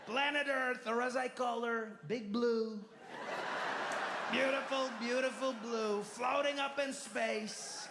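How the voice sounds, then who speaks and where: A man's voice: extremely high pitch, fairly even intonation, slow, gravelly, echoey room, voice pushed up, exaggerated voice. A comedian doing an impression of a boastful, rambling older male leader, drawling and repeating himself in a noisy live room. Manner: drawling, repetitive, bragging. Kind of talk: stand-up impression.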